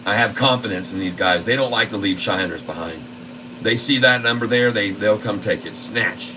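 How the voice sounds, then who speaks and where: A man hosting a trading channel, commentating live on his trades in a folksy, excitable way and constantly talking to his viewers. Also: fairly low pitch, normal speed, background noise. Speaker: stock trading channel host.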